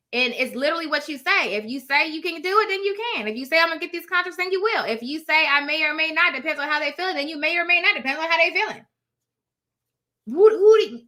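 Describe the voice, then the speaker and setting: Woman, motivational coach; high, sharp voice, casual slang, blunt and emphatic. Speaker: notary signing agent coach. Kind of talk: casual motivational live chat.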